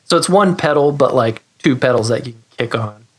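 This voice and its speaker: Male podcast guest, mid-pitched, rambling, self-mocking, casual. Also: animated, fairly quick, husky. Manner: rambling, self-deprecating, laughs. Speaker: guest, guitar pedal maker. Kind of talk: casual interview chat.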